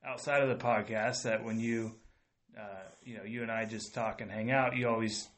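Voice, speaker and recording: A man's voice: on the low side, steady tone, moderate pace, a bit bright. A man hosting a podcast, asking questions cautiously and hedging before he gets to the point. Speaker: podcast host. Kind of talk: casual podcast interviewing.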